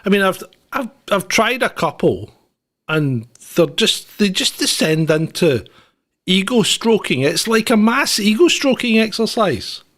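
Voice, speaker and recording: A man's voice: high-pitched, very animated, unhurried, a bit bright. A man co-hosting an irreverent news chat, sardonic and mocking, often laughing. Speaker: podcast co-host.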